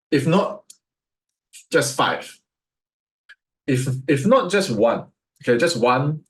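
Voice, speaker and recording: A man with a Singaporean English accent, teaching sales as a coach, firing rhetorical questions at his listeners. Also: medium pitch. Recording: echoey room.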